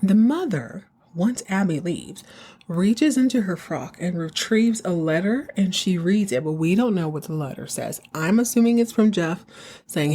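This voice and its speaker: A woman hosting a podcast, casually recapping a TV episode in an animated, slangy way and acting out the characters. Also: lowish voice, moderate pace, breathy edge. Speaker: podcast host.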